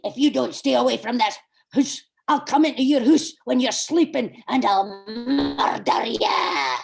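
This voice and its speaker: A woman's voice: on the high side, animated, a little slow, creaky, soft background music. A woman playing a menacing teenage boy who speaks in curt threats. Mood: threatening. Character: menacing Scottish teenage boy guarding a house.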